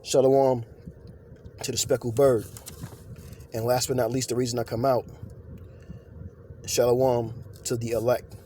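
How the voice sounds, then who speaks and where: A man's voice: mid-range voice, flat delivery, mellow, slight background noise. Man giving a casual scripture lesson. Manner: loose and halting, with many fillers, then emphatic preaching. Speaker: religious teacher.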